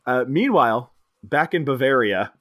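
Animated man recapping a movie. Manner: retells scenes with quick squeaky character impressions, laughs often. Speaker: podcast co-host. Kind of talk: casual movie recap chat.

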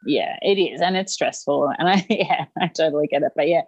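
A young woman with a notably low voice for a woman. She chats easily as a guest and laughs often. The recording is close and dry, with no room sound. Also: fairly quick, husky, dry recording, dull audio. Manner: warm agreeable chatter, frequent laughs. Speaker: guest, new mother. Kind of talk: casual conversational interview.

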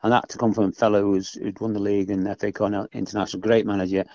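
A man's voice: lowish voice, level tone, rapid-fire, darkish tone, no room sound. An older man, a former footballer, chatting casually as a podcast guest, rambling and often adding "you know what I mean". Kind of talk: casual interview chat. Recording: dull lo-fi dry podcast audio.

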